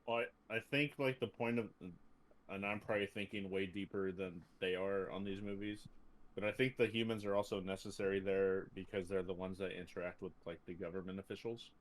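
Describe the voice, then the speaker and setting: A man's voice: low voice, fairly even intonation, a little fast. A man co-hosting a podcast in casual chat, rambling and packing his talk with fillers. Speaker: podcast co-host.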